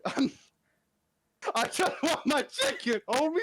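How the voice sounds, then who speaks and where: A man's voice: very high-pitched, big pitch swings, slow pace, a bit bright. A young man ranting in casual chat as a streamer, exasperated and laughing as he tells his story.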